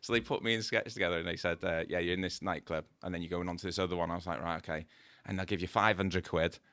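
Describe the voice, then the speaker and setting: Bright-voiced man telling stories. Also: sits low, rapid-fire, clean tone, no echo. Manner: lively storyteller, acts out dialogue, laughs often. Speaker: guest, tattoo artist. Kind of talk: casual anecdote-telling.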